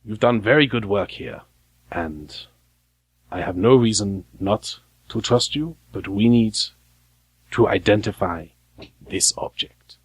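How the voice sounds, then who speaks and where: A man voicing an elderly male physicist with a German accent, speaking in a measured, plain way in a tabletop game. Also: lowish voice, breathy edge, no room sound, low-quality recording. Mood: earnest.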